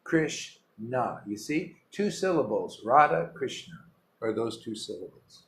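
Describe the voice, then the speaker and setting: A man's voice: medium pitch, very animated, measured pace, fairly bright tone. A man, a spiritual teacher, giving an informal devotional talk, emphatic and rambling, full of rhetorical questions. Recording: roomy echo with faint ambience.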